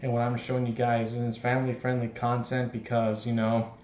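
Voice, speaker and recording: A man hosts a game playthrough, reading the story aloud and drifting into chatty, rambling asides. His pitch sits in the middle range. The room gives noticeable echo, with a faint noise underneath. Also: monotone, a little fast, darkish tone. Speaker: let's play host. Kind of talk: casual game commentary and reading.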